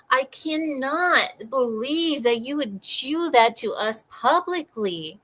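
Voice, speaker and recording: Woman ranting on the news, bright sharp voice, slow deliberate pace, keeps repeating herself. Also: a little high, lively intonation, rough recording. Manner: exasperated, mocking, repeats herself. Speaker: political commentator. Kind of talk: reacting to news on camera.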